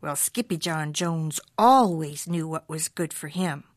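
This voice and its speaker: A woman's voice: sits low, unhurried, dry recording, clean studio sound. A woman reading a children's storybook aloud in a playful, rhythmic, sing-song way. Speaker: narrator.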